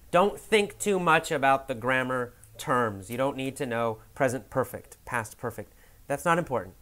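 Man telling a slow, emphatic teaching story. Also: medium pitch. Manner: patient explaining to learners. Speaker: English teacher. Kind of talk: mini story English lesson.

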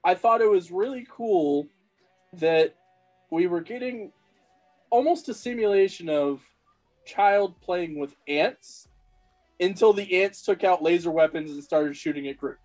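A man's voice: sits high, measured pace, a little mellow, faint music behind, low-quality recording. A man talking as a guest on a casual podcast, upbeat and laughing often.

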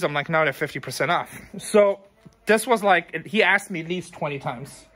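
A man with a fairly high, pushed, bright voice talks to camera at normal speed. He runs a thrift store, seems tired, and rambles through frank advice for his viewers in a casual vlog.

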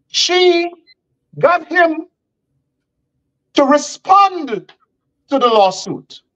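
A man hosting a talk show, speaking in a combative, defiant way with emphatic, drawn-out words. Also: very high-pitched, a bit bright. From Guyana. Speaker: host. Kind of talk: heated talk show commentary. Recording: dull lo-fi sound.

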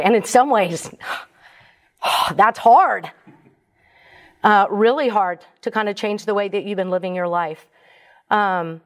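A woman speaking earnestly and conversationally to a parish audience, with many fillers and restarts. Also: mid-range voice. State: briefly choked up. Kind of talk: casual faith talk to a parish audience.

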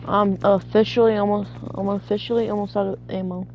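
A woman's voice: medium pitch, little pitch movement, a little fast, a little mellow, a little hiss or hum. A woman gamer in casual chat while playing co-op zombies, bossing her teammate around with profane trash talk. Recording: dull lo-fi audio with faint music.

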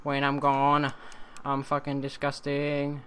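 A young man doing horror game commentary at home on a desk mic, swearing often and yelling at jump scares. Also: mid-range voice, monotone, takes it slowly, a little hiss or hum. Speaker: let's play gamer.

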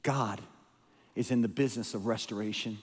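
A man's voice: on the low side, steady tone, normal speed. A man giving a storytelling sermon as a guest preacher, emotional and rambling, with frequent restarts and repeated words. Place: church sanctuary. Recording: long hall reverb.

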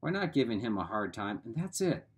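A man's voice: medium pitch, sing-song, fairly quick, breathy edge. A man reading aloud and voicing a fierce teenage girl who scolds sharply and sarcastically.

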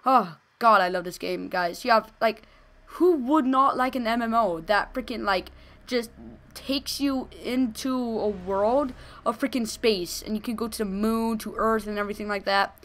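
Excitable young woman gaming commentator. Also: on the high side, moderate pace. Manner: excitable, gushing, shouts during fights. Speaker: gaming video host.

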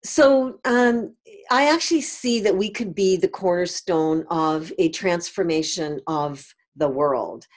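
Talking slowly in a voice on the low side, a middle-aged Canadian company founder gives an emphatic podcast interview. She often ends her points with "right?".

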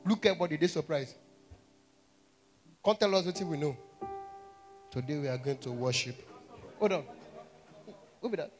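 A young man with a Nigerian accent doing a stand-up comedy set, telling animated stories in a mix of Pidgin and English and acting out characters. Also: on the high side, moderate pace, pauses often, soft background music. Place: stage at a live show.

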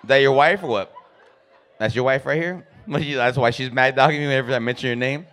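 A man doing profane, loud stand-up comedy in a club, riffing with the crowd on a handheld mic. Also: medium pitch, fairly quick. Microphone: handheld stage mic.

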